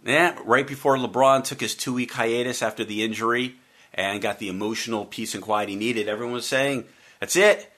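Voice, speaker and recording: Male sports radio host with a bright, punchy voice, riffing wryly on the week's games. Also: medium pitch, brisk. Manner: wry, joking and animated, with playful mock voices. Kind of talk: solo sports talk commentary.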